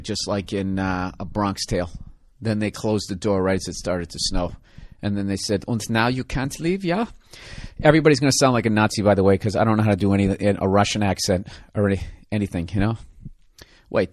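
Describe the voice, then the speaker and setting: A man's voice: mid-range voice, fairly bright tone, dry recording, studio quality. A man hosting a podcast, riffing in a rambling, profane, self-mocking comedic monologue. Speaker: podcast host.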